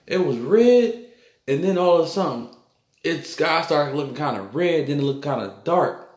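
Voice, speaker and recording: A man's voice: on the high side, big pitch swings, normal speed. A man recounting a vivid dream in a rambling, repetitive way, full of loose fillers. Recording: echoey room.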